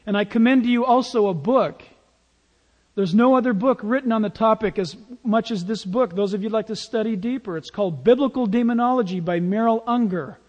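A man with a high voice preaches an emphatic sermon, pressing his points and telling stories to his congregation. His words ring with a long reverb in a large church hall. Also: brisk, a little mellow, highs cut off. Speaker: pastor.

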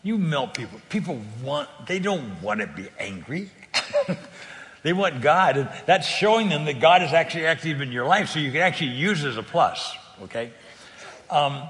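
Gravelly, bright-voiced man telling a story. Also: fairly high pitch, moderate pace, big-room sound. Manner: lively, laughs often, acts out the people he quotes. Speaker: guest telling a faith story. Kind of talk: animated storytelling in a talk-show interview.

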